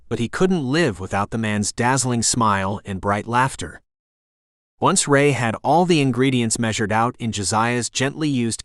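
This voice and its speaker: A man narrating an audiobook in a steady, even reading voice, close to the mic. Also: medium pitch, dry recording. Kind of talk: scripted narration.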